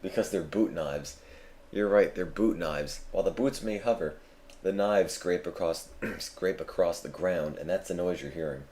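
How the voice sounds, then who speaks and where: Low-voiced man rambling over gameplay. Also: normal speed, darkish tone. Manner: dry, self-mocking rambling jokes. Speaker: marathon stream player. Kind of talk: let's play commentary.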